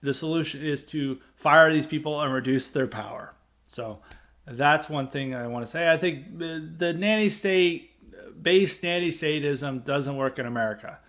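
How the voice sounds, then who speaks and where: A man talks through a political commentary monologue on his podcast. His voice sits a little high for a man, and he rambles with frequent fillers and restarts before landing emphatic bursts. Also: moderate pace, fairly bright tone. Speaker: podcast host.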